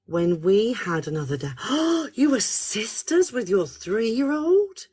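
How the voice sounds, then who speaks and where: A woman's voice: mid-range voice, a little slow, slightly rough. Chatty, swearing woman hosting a live stream. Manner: chatty and animated, swears freely. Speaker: spiritual counsellor and live-stream host. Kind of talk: casual live-stream chat.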